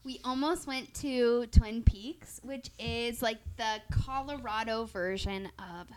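High-voiced woman, profane storyteller. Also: takes it slowly. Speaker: podcast co-host. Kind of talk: casual chat.

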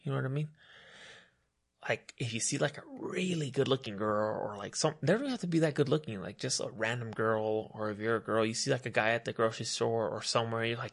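A young man rambles through casual talk, full of slang and filler words. His voice has a gravelly, creaky edge at a mid pitch. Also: fast talker, a bit bright. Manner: rambling, slangy, heavy on "like" and "dude". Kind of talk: casual chat.

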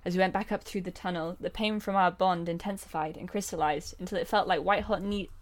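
A woman's voice: on the low side, steady tone, fast talker. A woman reading a novel aloud as a comedy bit, often breaking into laughter. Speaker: reader.

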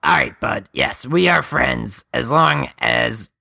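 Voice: medium pitch, slow, gravelly, sharp tone, dry recording, studio quality. A player in a casual tabletop game who curses and restarts sentences. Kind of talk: tabletop role-play, casual.

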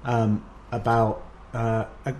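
A man's voice: medium pitch, flat delivery, slow pace, darkish tone. A man co-hosting a podcast in casual chat, making dry, wry asides. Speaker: podcast co-host.

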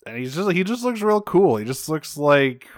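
Clear-voiced man chatting casually. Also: fairly high pitch, moderate pace, no room sound, clean studio sound. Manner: casual, profane, excitable. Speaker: podcast co-host. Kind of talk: casual chat.

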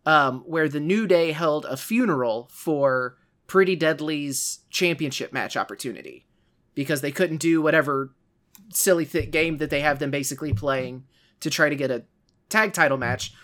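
A man's voice: on the high side, normal speed, fairly bright tone. A man co-hosting a casual podcast, talking in an easygoing, rambling way with many fillers. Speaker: podcast co-host.

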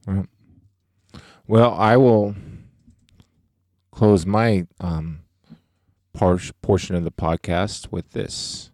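A man's voice: low-pitched, extremely slow, long pauses, a little mellow, no echo, studio quality. A middle-aged man co-hosting a faith podcast, talking earnestly and emphatically about his beliefs. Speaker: podcast co-host.

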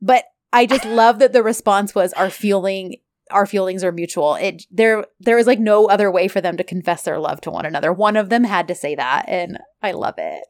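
A woman's voice: mid-range voice, normal speed, darkish tone, no room sound, studio quality. A woman co-hosting a casual chat, talking in a gushing, effusive way with lots of fillers. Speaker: podcast co-host. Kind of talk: casual chat recapping a TV drama.

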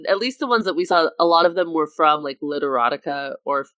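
A woman's voice: sits low, lively intonation, fairly quick, a bit bright, no room sound. A woman co-hosting a casual comedy podcast who reads silly excerpts aloud and keeps trying not to laugh. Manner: giggly, tries not to laugh while reading. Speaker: podcast co-host.

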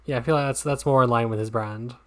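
A woman co-hosting a podcast in casual chat, making dry, deadpan jokes. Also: rumbling low, quick pace. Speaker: podcast co-host.

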